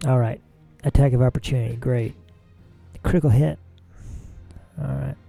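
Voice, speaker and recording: A man with a dark, gravelly voice talks through a strategy game battle in casual let's play commentary. He muses out loud as he weighs each move. Faint game music plays under his voice. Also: mid-range voice, fairly even intonation, moderate pace. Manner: musing, thinks aloud about tactics.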